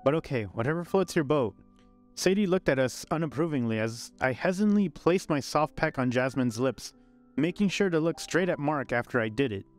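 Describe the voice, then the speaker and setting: A man narrating a scripted first-person love story in a calm, even way. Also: on the high side, a little fast. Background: faint background music.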